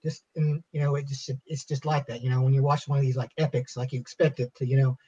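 A man on a film review panel, talking in a halting, casual way, full of "like" and "you know". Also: mid-range voice, flat delivery, mellow, slight background noise. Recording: dull lo-fi audio.

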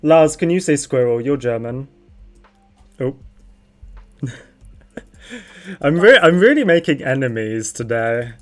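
This is a young adult streaming a game with a friend, chatting loosely and laughing often. The tone is playful and teasing, and the pitch sits squarely mid-range. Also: expressive, slow pace, long pauses, soft background music. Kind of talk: casual gaming chat.

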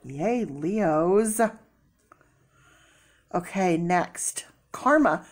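A woman giving a casual tarot reading, chatty with many fillers and sudden excited bursts. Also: lowish voice, unhurried. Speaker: tarot reader.

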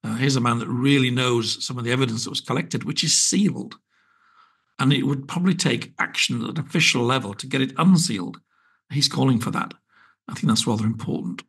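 A man's voice: medium pitch, a little fast, fairly bright tone, husky. A British man hosting his podcast alone, chatting in a wry, rambling way full of small asides. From Britain. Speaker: podcast host. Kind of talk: casual solo podcast chat.

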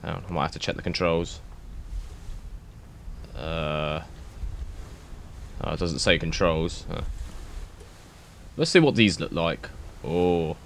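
A young man giving excitable, rambling let's-play commentary, swearing and thinking aloud as he plays. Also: sits low, takes it slowly, creaky, long pauses, slight background noise. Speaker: gaming YouTuber.

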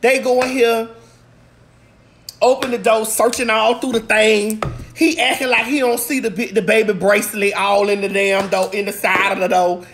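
A woman in a casual, profane vlog rant recapping a movie, swinging between shouts, laughs and low mutters, a little congested. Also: fairly even intonation, normal speed, background noise. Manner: talks straight to viewers. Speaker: vlog host.

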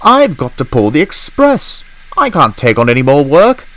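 A man voicing a proud, pompous male steam engine in a storybook reading, loud and indignant. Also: on the high side, sing-song, normal speed, a little hiss or hum, pitched above the performer's own voice, low-quality recording.

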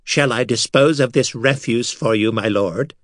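A man voicing a servile male wizard henchman who talks slowly and in a fawning way. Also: mid-range voice, no echo, clean studio sound, lightly acted.

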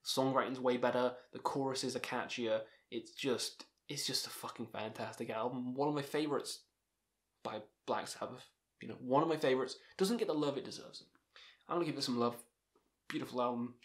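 A man's voice: mid-range voice, normal speed. A man ranking heavy metal albums in a casual vlog, talking with emphatic, profane enthusiasm. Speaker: music reviewer.

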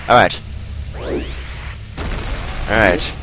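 A man hosting a let's play who comments on the game in an excitable, goofy, rambling way. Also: medium pitch, normal speed, long pauses, noisy background.

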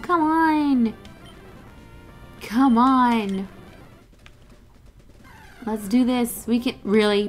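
A young woman chatting excitedly through a let's play, groaning and laughing at the game. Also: fairly high pitch, takes it slowly, long pauses, soft background music. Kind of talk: casual gameplay commentary.

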